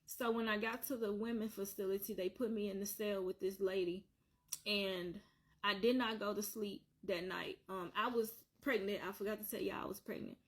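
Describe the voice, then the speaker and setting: A woman's voice: mid-range voice, steady tone, moderate pace. A woman telling her own painful story on a vlog, earnest and repetitive, circling back to the same points. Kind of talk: emotional personal storytelling.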